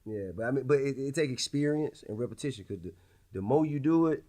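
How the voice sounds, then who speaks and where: A man's voice: medium pitch, lively intonation, fast, mellow. A man hosting a podcast in casual conversation, laid-back and profane, musing aloud and firing off rhetorical questions. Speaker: podcast host.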